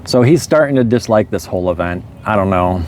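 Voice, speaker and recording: A man telling a story in a relaxed, rambling way, chuckling often. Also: on the low side, brisk, slight background noise. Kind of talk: casual storytelling monologue.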